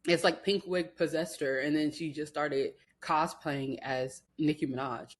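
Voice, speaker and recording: A woman's voice: low voice, steady tone, unhurried, hardly any pauses. A woman co-hosting a podcast in casual gossip chat, sassy and incredulous, cursing freely. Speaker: podcast co-host.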